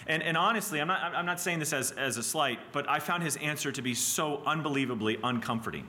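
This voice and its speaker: A man preaches a sermon in a church with a bright, forceful voice that sits a little high for a man. He sounds earnest and emphatic and drives his points home with rhetorical questions. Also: quick pace, few pauses, slight background noise. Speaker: pastor.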